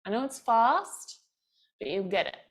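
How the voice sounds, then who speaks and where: A woman's voice: medium pitch, sing-song, measured pace. A woman from Australia teaching a bellydance class, counting the beats aloud and giving encouraging cues. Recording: faint music behind. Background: class music.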